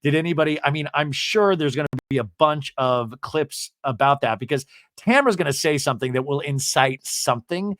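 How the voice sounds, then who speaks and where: A man's voice: on the high side, fairly quick, dry recording, clean studio sound. A man hosting a podcast, recapping reality TV in a chatty, gossipy way and acting out quoted lines. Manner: chatty, gossipy, acts out quotes in lively voices. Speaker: podcast host. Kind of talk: casual recap chat.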